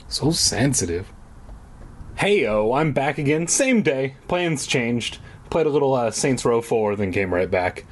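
A man's voice: mid-range voice, big pitch swings, measured pace. Crude joking man reading aloud. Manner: irreverent, swearing, joking asides. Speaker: reader. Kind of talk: comedic reading of a children's book with crude asides.

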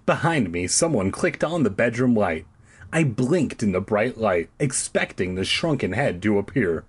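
Give me a man with a husky voice reading a children's horror story aloud, lively pitch, with crude sarcastic asides. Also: normal speed. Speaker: reader.

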